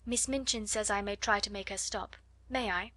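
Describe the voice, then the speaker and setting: A woman voicing a calm, kind young girl who speaks quietly and gently, in a storybook reading. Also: a little high, normal speed, no echo. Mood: gentle.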